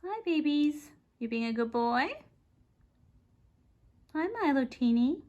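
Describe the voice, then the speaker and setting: A woman at home talking to her pet parrot in a playful, coaxing sing-song, scolding it gently and fussing over it in baby talk. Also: high voice, slow pace, highs cut off. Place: home indoors, by a fireplace.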